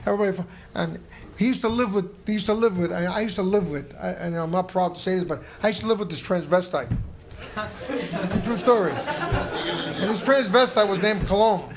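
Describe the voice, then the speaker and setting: A man's voice: sits high, brisk, a faint crowd. A former boxer telling an emotional, rambling story live at a comedy club, repeating himself as he goes.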